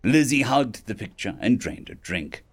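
A man reading a fantasy web novel aloud as an audiobook narrator, expressive and quick to shift into character voices. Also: medium pitch.

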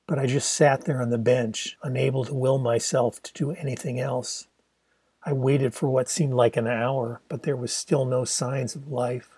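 An older man narrating his own autobiographical novel as a steady, reflective audiobook reading. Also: mid-range voice, normal speed, breathy edge, no room sound.

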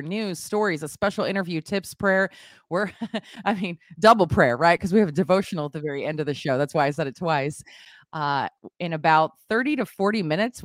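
A woman hosting a casual morning show over a video call, bubbly and quick to laugh. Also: deep voice, no echo, clean studio sound. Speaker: show host.

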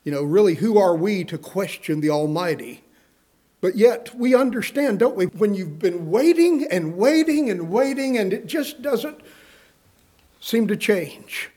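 A man's voice: high-pitched, animated, moderate pace, darkish tone. A man preaching a sermon, earnestly reading scripture aloud and putting questions to his listeners.

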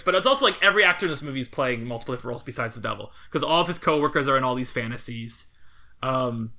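Chatty male podcaster with a bright, slightly high voice; rambles and laughs. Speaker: podcast co-host. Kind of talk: casual podcast chat.

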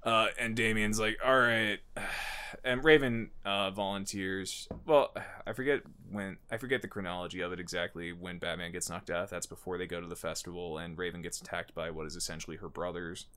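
Animated, swearing man with a smooth voice. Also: brisk. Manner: animated, profane, laughs often, jumps into high excited pitch. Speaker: podcast co-host. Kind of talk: casual chat recapping a movie.

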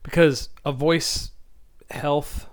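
A man co-hosting a podcast in casual chat, talking loudly and rambling with fillers and restarts. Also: a little high, drawn-out words. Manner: loud, energetic podcast voice. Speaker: podcast co-host.

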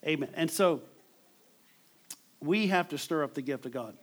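A man's voice: on the high side, animated, normal speed. A man preaching a sermon in a conversational way, repeating words as he drives home his points.

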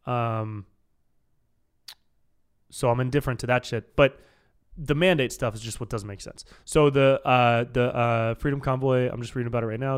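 A man's voice: medium pitch, steady tone, moderate pace, long pauses, clear, resonant tone. A man hosting a casual solo podcast, rambling and swearing, calling the listeners dude. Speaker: podcast host.

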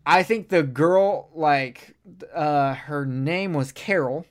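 A co-host on a podcast talks films in a casual review chat, animated, rambling, and profane. The voice is mid-range and slow.

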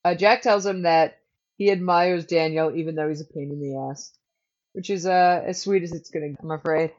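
A woman's voice: fairly low pitch, steady tone, moderate pace, a little mellow. A woman co-hosting a podcast, chatting casually and joking as she recaps an episode. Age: adult. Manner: chatty and joking, laughs often. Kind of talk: casual chat. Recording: dull lo-fi recording.

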